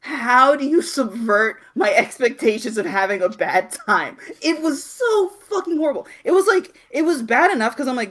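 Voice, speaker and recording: A woman's voice: on the high side, normal speed, few pauses. A woman co-hosting a podcast, ranting in casual chat with lots of swearing and filler "like". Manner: animated, profane, frequent "like". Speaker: podcast co-host.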